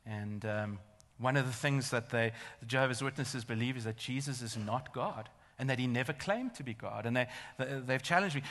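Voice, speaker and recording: Bright-voiced man preaching in a reverberant church. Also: mid-range voice, moderate pace. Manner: emphatic, rising to intense rhetorical questions. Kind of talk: sermon. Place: large church hall. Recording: long church hall reverb.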